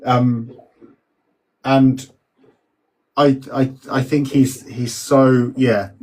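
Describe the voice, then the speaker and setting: A man in casual podcast chat, hesitant, with many pauses and restarts. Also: medium pitch, flat delivery, darkish tone, low-quality recording. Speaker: podcast co-host.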